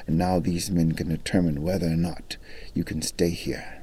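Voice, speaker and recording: A man's voice: sits low, little pitch movement, normal speed, dark tone, breathy edge. A middle-aged man working as a national park ranger, telling history as a dramatic story with varied emphasis. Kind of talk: storytelling guided talk.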